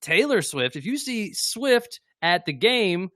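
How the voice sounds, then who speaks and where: A man's voice: high-pitched, sing-song, takes it slowly, fairly bright tone, dry recording. A man co-hosting a sports podcast remotely, teasing his partner with dry humor. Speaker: podcast co-host. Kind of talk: casual sports chat.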